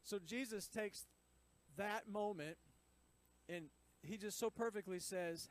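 A man's voice: high voice, slow, poor audio. A man reading scripture aloud and explaining it in a chatty teaching style, with frequent asides to his listeners. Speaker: Bible teacher.

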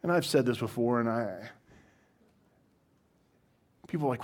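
A man's voice: medium pitch, lively intonation, measured pace, long pauses, darkish tone. Man preaching a casual, joking sermon. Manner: wry, self-deprecating humor with frequent restarts. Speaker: pastor. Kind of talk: conversational sermon.

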